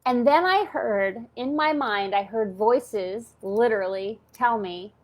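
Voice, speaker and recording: Speaking slowly in a slightly high voice, a woman in her fifties who hosts a channel recounts something from her own life. She's open and talkative, leaning heavily on "like" and "okay?".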